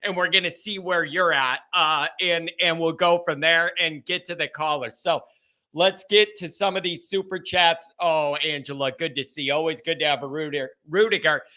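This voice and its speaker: A young man hosting a fan call-in livestream, talking in an energetic, jokey, casual way. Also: on the high side, normal speed. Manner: hyped, jokey, sings a goofy jingle. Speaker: host of a fan call-in show.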